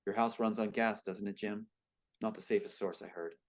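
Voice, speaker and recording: A man reading the lines of a cold, scheming male government agent from a screenplay, calm and menacing. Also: on the low side, normal speed, lightly acted.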